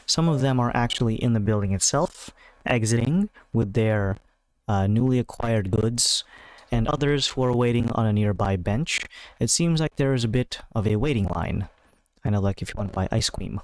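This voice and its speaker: A man running a tabletop game as game master, describing scenes in an unhurried way with many fillers. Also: mid-range voice, lively intonation, a little mellow, a little hiss or hum, poor audio.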